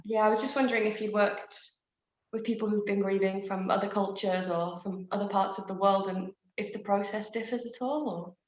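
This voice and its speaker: A woman's voice: mid-range voice, steady tone, moderate pace. A British woman taking part in an online group discussion, talking candidly and bluntly and laughing wryly. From Britain. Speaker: group participant. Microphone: video call. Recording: echoey, dull video call audio.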